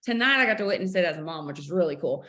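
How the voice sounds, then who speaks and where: A woman's voice: lowish voice, lively intonation, racing, sharp tone. A woman hosting a sales team video call, upbeat and preachy, acting out family stories as she motivates her team.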